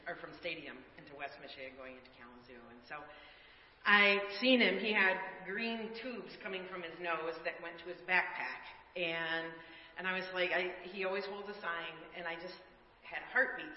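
A woman sharing a personal testimony in church, telling her story in an emotional, rambling way with casual grammar, on a handheld microphone. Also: on the low side. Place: church sanctuary. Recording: echoey church hall, muffled, faint murmur.

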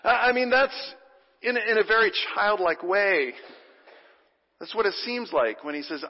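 A pastor preaching a sermon in a church, playful and animated, leading the congregation in call and response. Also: male voice, sits high, normal speed. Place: church sanctuary. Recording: dull recording with long hall reverb.

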